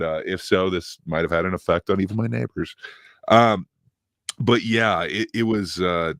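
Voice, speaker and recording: A man's voice: sits low, fairly bright tone, dry recording, clean studio sound. A man co-hosting a podcast, giving a rambling, hesitant film review full of fillers and restarts. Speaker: podcast co-host reviewing films. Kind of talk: casual film review chat.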